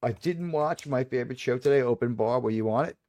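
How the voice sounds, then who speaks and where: A man's voice: medium pitch, fairly quick, a little mellow, dry recording. A man hosting a casual livestream chat, rambling and digressive with sudden aggrieved outbursts. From New York.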